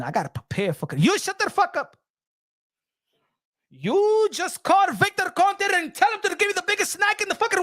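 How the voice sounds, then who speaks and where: Animated ranting man, dry sound. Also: very high voice, no room sound. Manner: profane, mocking, animated. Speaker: boxing commentator. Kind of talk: ranting commentary.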